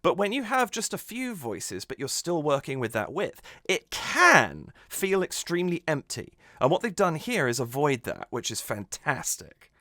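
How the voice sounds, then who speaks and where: A man's voice: fairly high pitch, big pitch swings, normal speed, few pauses, sharp tone, no room sound, studio quality. A man hosting a music reaction channel, analysing a cover with enthusiasm and thinking aloud as he goes.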